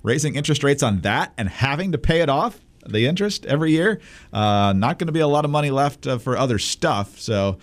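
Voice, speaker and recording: A man's voice: medium pitch, expressive, brisk. Brief: male co-host, dry and sarcastic, medium voice. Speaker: podcast co-host. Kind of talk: casual political commentary.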